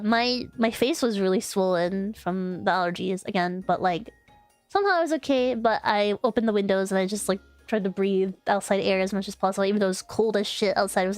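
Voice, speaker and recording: A woman's voice: medium pitch, dry recording. A young woman streamer telling a story in casual chat, rambling with lots of fillers and restarts.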